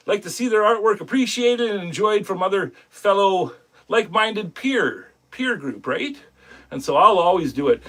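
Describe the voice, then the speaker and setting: Male stream host with a high voice, loose and rambling, chatting with viewers between carving projects. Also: a bit bright. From Canada. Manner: rambling, friendly, greets chat viewers by name. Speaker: woodcarving live-stream host. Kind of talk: casual live-stream chat.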